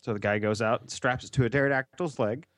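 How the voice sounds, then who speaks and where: Laid-back, lower-voiced male co-host. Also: steady tone, fairly quick, a bit bright, no room sound, studio quality. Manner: laid-back storyteller, blunt. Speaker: podcast co-host. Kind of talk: casual chat.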